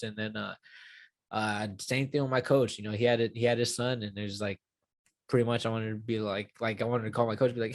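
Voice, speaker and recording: A man's voice: lowish voice, fairly even intonation, fairly quick, dry recording. A young man in his twenties talking casually in an interview, rambling with many fillers and restarts and swearing now and then. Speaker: UFC fighter.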